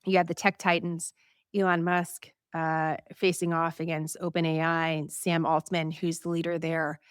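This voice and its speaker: A woman hosting a news show, talking casually to a live audience in a chatty, animated way, laughing and asking viewers what they think. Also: deep voice, normal speed, clean tone, no echo, studio quality.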